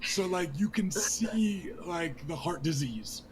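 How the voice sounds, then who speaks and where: A man's voice: high-pitched, expressive, slow, slight background noise. A man narrating a tabletop game as game master in a casual, joking way. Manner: casual and joking, with laughs and fillers.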